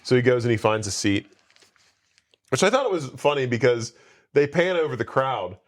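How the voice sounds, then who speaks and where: In a casual movie recap on a podcast, a male co-host retells the plot at a moderate pace, his medium-pitched voice very animated. He rambles, adding many asides and quoting lines.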